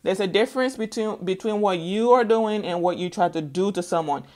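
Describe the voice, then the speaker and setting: A woman's voice: mid-range voice, moderate pace, darkish tone. Emphatic scolding woman tarot reader. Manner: emphatic, scolding, repeats words for stress. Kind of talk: tarot reading commentary.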